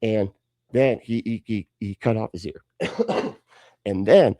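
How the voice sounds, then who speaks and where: A tipsy man telling a comic story. He rambles and interrupts himself, and his pitch swings widely. His tone is dark and the sound is dry and close. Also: lively intonation, slow, dry recording. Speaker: podcast co-host.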